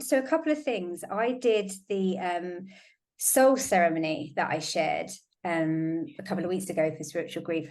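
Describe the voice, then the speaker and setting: A woman hosts a relaxed conversation, recounting events in a lively storytelling manner. Her voice sits on the lower side, and she often slips into quoting what she said. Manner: animated storytelling, quotes herself often. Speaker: host. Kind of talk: casual chat.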